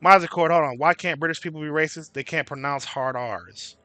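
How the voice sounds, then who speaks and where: A man rants to his livestream chat, swearing casually and calling out viewers by name. His voice sits high and sounds very bright and sharp. The sound is close and dry, with almost no room around it. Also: a little fast, no echo. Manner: swearing freely. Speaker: livestream host.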